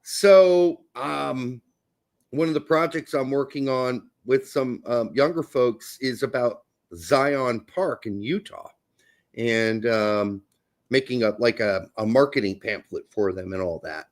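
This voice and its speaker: A middle-aged man co-hosting a podcast, telling stories in a jokey, animated way and laughing often. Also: mid-range voice, slow pace. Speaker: podcast co-host. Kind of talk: casual chat.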